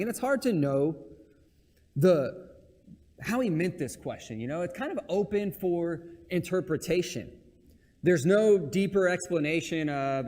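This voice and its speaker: A man with a fairly high voice gives a relaxed, conversational sermon at a moderate pace, casually joking at his own expense. His words ring out with a long reverb trailing through a church sanctuary.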